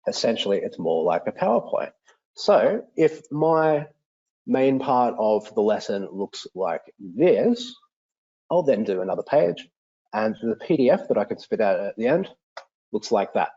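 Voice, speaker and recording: Animated teacher explaining grammar. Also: male voice, unhurried, creaky, breathy edge, highs cut off. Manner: explanatory, enthusiastic, with lively pitch swings. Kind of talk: software demo for teachers.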